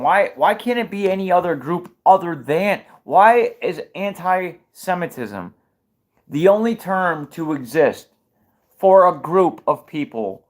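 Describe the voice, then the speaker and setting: Male streamer with a somewhat high voice, heated opinion talk, keeps restarting his sentences. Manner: fired-up, rhetorical questions, restarts mid-sentence. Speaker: livestream commentator. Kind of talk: opinionated livestream commentary.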